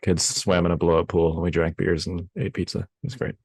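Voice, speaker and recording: A man's voice: low-pitched, fairly even intonation, brisk, vocal fry, darkish tone, husky, no room sound. A man co-hosting a podcast in casual chat, easygoing and steering the conversation. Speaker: podcast co-host.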